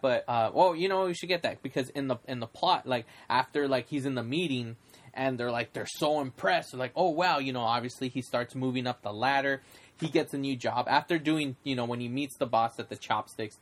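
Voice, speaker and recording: A man in casual movie chat, rambling with many fillers and acting out scenes in quick put-on voices. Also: mid-range voice.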